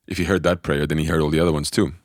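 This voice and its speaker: A man telling a personal spiritual story in a relaxed podcast conversation, animated and often restarting his sentences. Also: rumbling low, racing, dry recording, clean studio sound.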